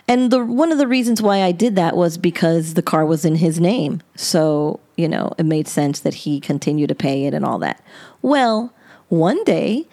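A woman hosting a podcast, telling a personal story in a casual, animated way, her pitch jumping up at the dramatic moments. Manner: animated, chatty, with sudden rises in pitch. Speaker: podcast host.

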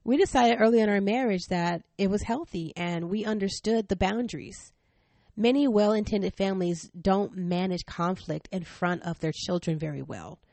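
A middle-aged woman hosting a parenting podcast, telling a family story in a frank, animated way, laughing often. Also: medium pitch, moderate pace, vocal fry, dry recording. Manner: stern, frank. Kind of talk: personal storytelling.

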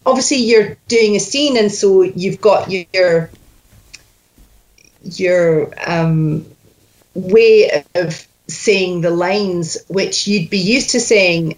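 Unhurried woman dialect coach, patient explanations, filler-heavy. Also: fairly low pitch. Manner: measured, explanatory, fillers like "you know, like".

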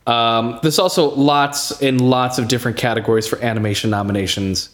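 A man's voice: medium pitch, fairly even intonation, fairly quick. A man hosting a podcast in casual chat, who laughs easily and reads out lists. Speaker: podcast host.

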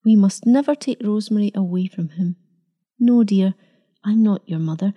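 A woman voicing a tender, unsure young wife in a storybook reading, husky and half-whispered. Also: medium pitch, moderate pace, highs cut off, close to an everyday voice. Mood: gentle.

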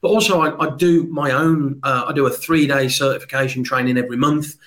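A man's voice: mid-range voice, fairly even intonation, brisk, fairly bright tone. A man with a Birmingham accent, talking as a sales trainer guest in an upbeat, talkative podcast interview.

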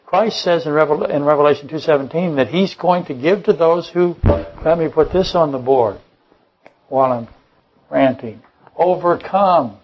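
A man's voice: fairly high pitch, normal speed, a little mellow, faint music behind, low-quality recording. A man preaching a Bible-study sermon, rambling and correcting himself mid-sentence, firing off rhetorical questions and dropping joking asides. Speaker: pastor.

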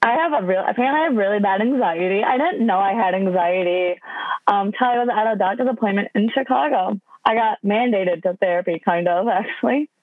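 Heard over a dry phone line, this young Wisconsin woman in her twenties is a podcast guest casually telling stories. She speaks a little fast in a mid-range voice, chatty and full of "like" fillers.

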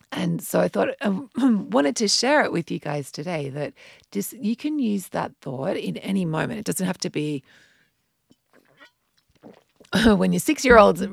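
A woman's voice: mid-range voice, creaky, no echo. A woman in her thirties telling a rambling story to her followers, often restarting her sentences. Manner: rambling, self-correcting storyteller. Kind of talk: casual talk to camera.

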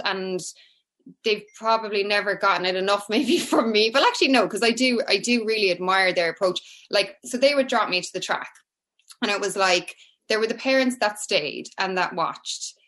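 A woman from Ireland in her thirties with an Irish accent, a former athlete chatting as a guest and acting out family voices. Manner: animated, acts out her mother in high pitch. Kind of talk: casual interview storytelling.

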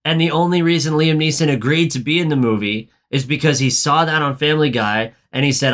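A man co-hosting a podcast, chatting about a movie with dry quips and quick, stumbling asides. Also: a little high, a bit bright. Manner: dry, wry quips, often rushed asides. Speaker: podcast co-host. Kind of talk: casual movie-recap chat.

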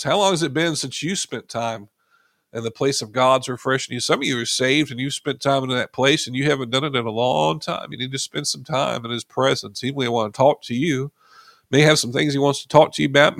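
A man's voice: medium pitch, brisk, creaky, fairly bright tone, no echo, studio quality. A man preaching a sermon, reading scripture aloud and leading his listeners in prayer.

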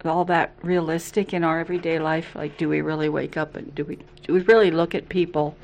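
Casting note: middle-aged female co-host, lower-pitched, playful and teasing, casual faith chat. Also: level tone, fairly quick, vocal fry, a little mellow, a little hiss or hum.

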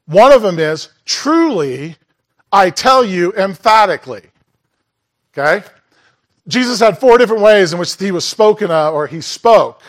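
A man preaching a sermon in a church in a conversational way, asking the congregation questions and making asides. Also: high voice. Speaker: pastor.

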